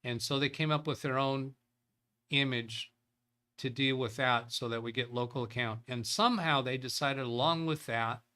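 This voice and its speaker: A man's voice: mid-range voice, normal speed, pushed and bright, smooth. A man hosting a live tech show, reading viewer chat and thinking aloud in a loose, rambling way. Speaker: tech livestream host.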